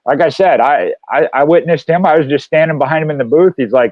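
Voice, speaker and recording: A man's voice: a little high, moderate pace, hardly any pauses, dry recording. Radio co-host, man, Minnesota accent, rambling, dry dull recording. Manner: rambling, with many fillers and restarts. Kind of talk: casual radio talk.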